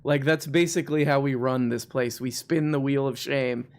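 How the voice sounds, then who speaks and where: A man's voice: medium pitch, fairly even intonation, moderate pace, a little mellow. A young man hosting a live call-in show, joking easily with callers in casual banter and laughing often.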